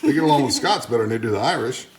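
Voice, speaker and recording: A man's voice: mid-range voice, expressive, rapid-fire. A man casually talking through a home cooking demonstration, rambling along with folksy, joking asides. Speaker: home cook hosting a cooking channel. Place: home kitchen, indoors. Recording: echoey kitchen with clattering pots.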